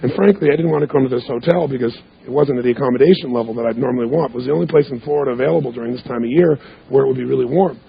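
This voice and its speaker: A man's voice: mid-range voice, racing, a little hiss or hum. A man giving an emphatic, punchy seminar talk as a motivational speaker, repeating words for effect. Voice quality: gravelly, husky voice. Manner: emphatic, repetitive, punchy delivery. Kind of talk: seminar talk to a live audience. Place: hotel event room. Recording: muffled lo-fi recording.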